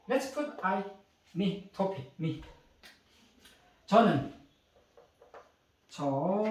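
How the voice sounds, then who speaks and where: A man's voice: fairly high pitch, darkish tone, distant mic. A man with a Korean accent, a native Korean speaker teaching a grammar lesson in English, explaining step by step and often checking with "okay?" and "right?". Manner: switches between English and Korean example phrases. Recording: echoey room, voice away from mic.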